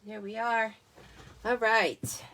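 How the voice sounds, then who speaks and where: A woman's voice: fairly high pitch, little pitch movement, takes it slowly, pushed and bright. An American woman with a Southern accent hosting a crafting livestream from home, chatting casually and greeting viewers by name as she talks into a tablet. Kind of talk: casual live-stream chat.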